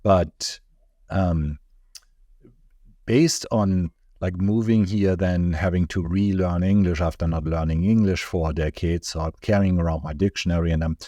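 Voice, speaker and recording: Deep-voiced German man, chuckling and digressive. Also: fairly even intonation, a little slow, dark tone, dry recording, studio quality. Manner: chuckling, digressive, many restarts. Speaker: guest. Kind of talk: casual interview chat.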